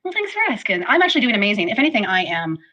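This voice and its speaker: A woman's voice: medium pitch, big pitch swings, rapid-fire, bright, forceful tone, dull audio. A woman hosting a casual livestream, rambling and apologetic, her talk full of fillers. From Canada. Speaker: livestream host.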